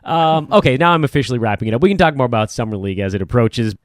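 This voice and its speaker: A man's voice: medium pitch, lively intonation, very fast, no echo, studio quality. A middle-aged man hosting a casual sports podcast, rambling and self-deprecating as he chats. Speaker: podcast host.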